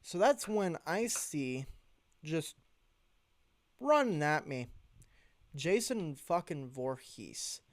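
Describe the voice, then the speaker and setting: Young adult male storyteller, casual and animated, slow pace, dry close sound. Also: no echo. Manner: animated, jumps into high voices when quoting himself. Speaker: vlogger telling a story.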